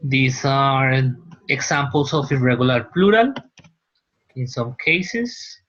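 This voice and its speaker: A man's voice: mid-range voice, big pitch swings, slow pace, fairly bright tone, highs cut off. A man, a teacher giving a university lecture, explaining patiently and often checking that students follow. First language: Spanish.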